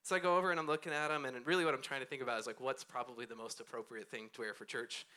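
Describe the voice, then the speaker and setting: A thirty-something pastor delivers a loose, chatty sermon on stage at church, right up against a handheld or stand microphone. The voice is mid-range with fairly even intonation, racing along with a sharp edge, and he laughs often at his own expense.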